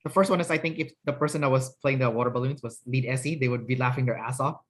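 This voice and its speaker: A man's voice: mid-range voice, fairly even intonation, quick pace, fairly bright tone, slight background noise. A man hosting an interview as a personality trainer, talking casually with many fillers and tag questions.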